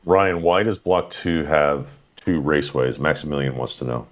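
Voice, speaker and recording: A very deep-voiced livestream host reads through viewers' super chats and thanks them. His rundown is quick, upbeat and slightly tired, packed with fillers and restarts.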